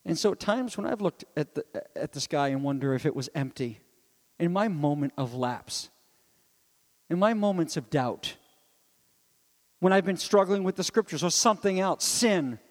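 A man preaching a sermon as pastor, animated and full of rhetorical questions, dropping now and then to soft low asides. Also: moderate pace. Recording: long reverb of a large hall.

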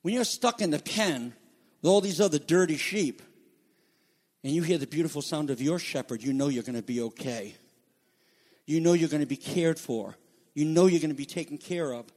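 High-voiced preacher in a reverberant hall. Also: male voice, normal speed. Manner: emphatic, swings between loud declaring and quiet asides. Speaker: pastor. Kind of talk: sermon. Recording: long reverb of a large hall.

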